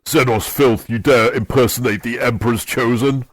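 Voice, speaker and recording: A man voicing a stern, grim warrior chaplain who speaks in a slow growl. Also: medium pitch, fairly even intonation, dry recording, lightly acted. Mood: furious.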